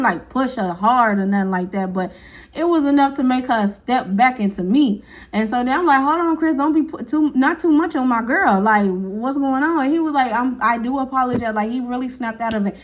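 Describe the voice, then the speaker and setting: A woman's voice: a little high, a little fast, highs cut off. A woman telling a casual storytime, acting out each person's lines and laughing often. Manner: animated, acts out quotes, laughs often.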